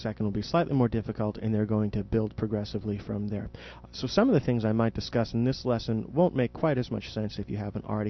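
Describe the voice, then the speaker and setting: A man's voice: lowish voice, dull audio, slight background noise. A man teaching jazz improvisation in a podcast audio lesson, explaining patiently and demonstrating spoken question and answer inflections.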